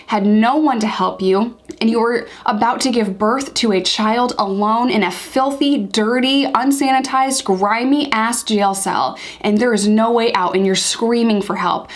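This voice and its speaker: A young woman from the United States hosting her own vlog, speaking earnestly and with open outrage, repeating points for emphasis. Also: a little high. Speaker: YouTube channel host. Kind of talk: impassioned commentary vlog.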